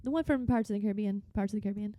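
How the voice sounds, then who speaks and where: A woman's voice: mid-range voice, rapid-fire, mellow, dry recording. A woman in her thirties with a light North Carolina accent, co-hosting a podcast in casual chat, rambling and laughing often. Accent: North Carolina Southern. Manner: giggly, rambling storyteller. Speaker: podcast co-host.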